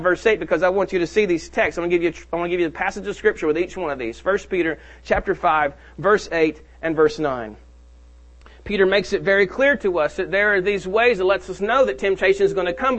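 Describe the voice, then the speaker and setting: A man preaching in a church with a high, ringing voice and a strong push behind each point. He slows right down to stretch out the words he wants to land. The recording sounds dull and lo-fi. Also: fairly bright tone. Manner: preaches with rising emphasis and slow, drawn-out key phrases. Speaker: pastor. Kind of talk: sermon. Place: church sanctuary.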